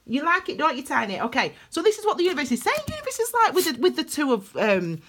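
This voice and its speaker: A woman's voice: high-pitched, sing-song, fast talker, a bit bright, slight background noise. A woman giving a casual tarot reading, chatty and rambling, laughing often. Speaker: tarot reader.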